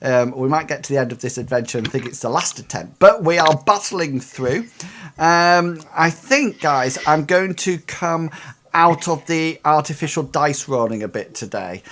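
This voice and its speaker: A man's voice: a little high, expressive, moderate pace, a bit bright, a little hiss or hum. A man hosting and running a tabletop game over a video call, chatty and hesitant, with many fillers and restarts. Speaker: game master.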